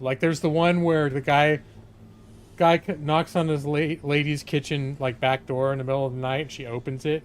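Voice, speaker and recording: A man streaming a video game and chatting in a digressive way, filling his talk with fillers while he retells old comedy sketches. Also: medium pitch. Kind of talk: rambling gameplay commentary on a live stream.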